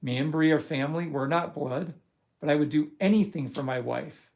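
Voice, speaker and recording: A middle-aged man hosting a live trading stream, talking bluntly and profanely and working himself up into loud rants. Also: fairly high pitch, normal speed, vocal fry. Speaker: trading course host. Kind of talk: live-stream talk to viewers.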